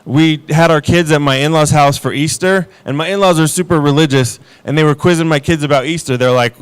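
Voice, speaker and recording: A man in his thirties doing a stand-up comedy set, telling stories about his kids with deadpan, self-mocking delivery. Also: on the high side, brisk, hardly any pauses, clean tone. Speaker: stand-up comic.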